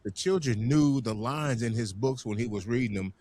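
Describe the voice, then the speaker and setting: A man hosting a community podcast, talking in an animated, emphatic way and often repeating words as he gets going. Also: mid-range voice, normal speed. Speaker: podcast host. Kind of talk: casual panel conversation.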